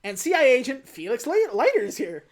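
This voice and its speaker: A woman's voice: high-pitched, fast. A woman co-hosting a podcast, casually recapping a film and acting out its lines, laughing often. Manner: animated, acts out lines in character, laughs often. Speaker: podcast co-host.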